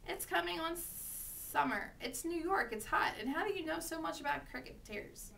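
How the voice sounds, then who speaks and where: A woman's voice: extremely high pitch, animated, normal speed, vocal fry, distant mic, a little hiss or hum, voice pushed up, exaggerated voice. A woman reading aloud voices a stern, stubborn mother who speaks dryly and dismissively. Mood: scolding. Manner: dry, dismissive, louder than the narration. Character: stern scolding immigrant mother, dry and stubborn.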